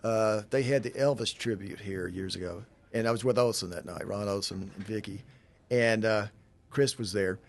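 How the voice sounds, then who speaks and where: A man's voice: on the low side, normal speed. A male guest in casual conversation, telling rambling anecdotes. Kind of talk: casual chat.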